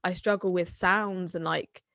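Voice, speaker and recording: A woman's voice: on the low side, fairly even intonation, unhurried, a bit bright, no room sound, studio quality. A woman in her twenties with a Somerset accent, chatting in a rambling, filler-heavy way as a guest in conversation. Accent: Somerset English. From Somerset, England. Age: 20s. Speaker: guest, singer-songwriter. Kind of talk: casual conversation.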